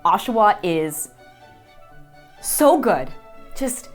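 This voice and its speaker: A young woman, a voice actor, chatting casually in an interview, gushing and excitable, her voice leaping high when she gets worked up. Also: moderate pace. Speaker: voice actor guest. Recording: faint music underneath.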